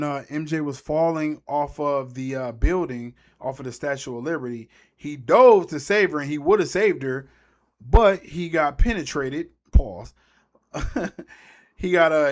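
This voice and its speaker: A man talking through a film scene by scene in a loose, slangy way. He rambles and trails off mid-thought. His voice sits a touch higher than most men's. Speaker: movie breakdown YouTuber. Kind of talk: casual movie recap commentary.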